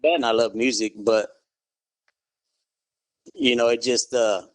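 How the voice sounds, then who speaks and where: A middle-aged man, a guest in an interview, telling his story in a relaxed, good-humored way and saying "you know" often. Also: medium pitch, slow pace, no echo. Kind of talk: casual interview.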